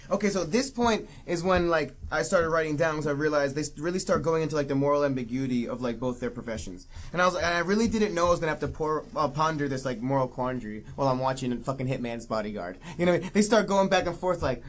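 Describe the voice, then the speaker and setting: A man's voice: a little high, lively intonation, fast talker, few pauses. A man co-hosting a casual movie review podcast, rambling and swearing as he recaps scenes, laughing often. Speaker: podcast co-host.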